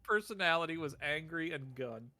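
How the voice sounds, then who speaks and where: A man streaming a game and chatting casually, telling jokey stories with quick character voices. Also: a little high, lively intonation, sharp tone. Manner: jokey storyteller, slips into silly character voices. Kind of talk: casual chat while gaming.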